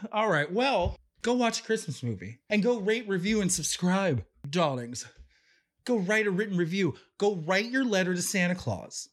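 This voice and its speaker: A man's voice: high-pitched, expressive, moderate pace, few pauses. A man co-hosting a casual podcast chat, theatrical and giggly, often slipping into campy put-on voices. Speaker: podcast co-host.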